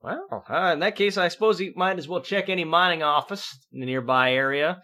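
A frontier saloon barkeep with a generous mustache, as a man puts him on, folksy and a little embarrassed. His voice sits higher than usual with a bright, edgy ring. A tabletop game character voice. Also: a little fast.

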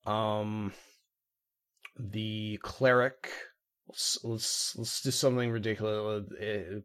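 A man casually chatting as a player in a tabletop game, hesitant and rambling with many pauses. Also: on the low side, little pitch movement, fairly bright tone. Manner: rambling, hesitant, full of ums.

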